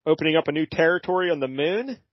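A man's voice: fairly high pitch, lively intonation, fast, no echo, dull audio. A man co-hosting a casual podcast, recapping a comic in a rambling, hesitant way with plenty of fillers. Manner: rambling, hesitant, with brief character voices. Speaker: podcast co-host. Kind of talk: casual comic book discussion.

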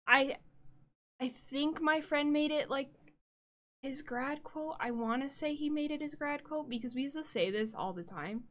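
A woman livestreamer chatting casually and directly to her viewers, flustered and talking things through out loud. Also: high-pitched. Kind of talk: casual live-stream chat.

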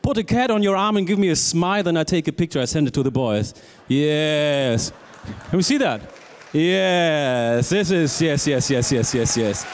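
A man's voice: sits high, in a large hall, a little hiss or hum. A man with a German accent hosting an awards night on a theatre stage, playful and teasing, switching between English and German. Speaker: awards show host. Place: theatre stage before a live audience.

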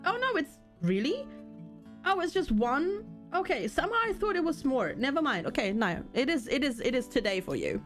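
A woman's voice: high-pitched, big pitch swings, normal speed, faint music behind. A woman streaming a game, chatting casually and giggling as she answers her viewers. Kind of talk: casual live-stream chat.

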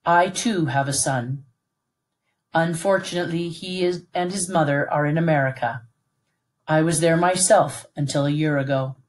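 A woman reading aloud who voices a stern, composed middle-aged army colonel in a calm, formal, measured way. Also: low-pitched, lightly acted. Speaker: read-aloud narrator voicing a character.

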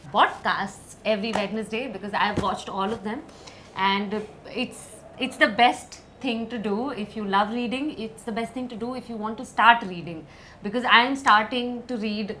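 A woman, a TV actor chatting as a podcast guest and gushing excitedly like a fan. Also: mid-range voice, moderate pace, a little hiss or hum. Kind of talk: casual podcast chat.

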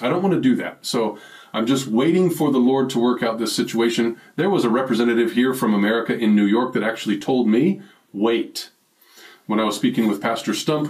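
A man preaching a sermon, speaking earnestly to his listeners and slowing down with a rising voice to stress key phrases. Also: medium pitch, rough recording. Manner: addresses listeners directly, challenging them.

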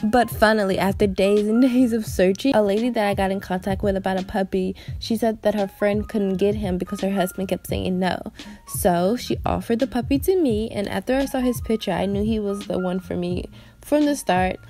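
Mellow woman, wry voice-over. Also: mid-range voice, normal speed, faint music behind. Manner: wry, conversational. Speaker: vlogger. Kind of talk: storytelling voice-over.

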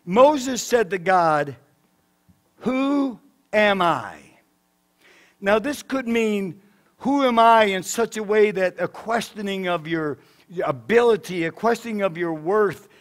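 Pastor, male, high-pitched tenor, emphatic preaching that swings loud to soft. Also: unhurried. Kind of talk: sermon. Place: church sanctuary.

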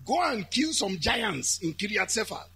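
Animated high-voiced preacher, man. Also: normal speed, slight background noise. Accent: Nigerian. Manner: animated, shouting and chanting at peaks. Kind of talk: sermon.

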